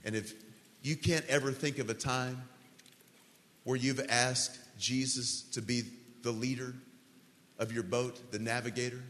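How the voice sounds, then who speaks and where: Male pastor, mid pitch, earnest pleading sermon delivery, long hall reverb. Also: a bit bright. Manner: earnest, slow and pleading, leading a prayer. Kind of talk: sermon altar call. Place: large church hall.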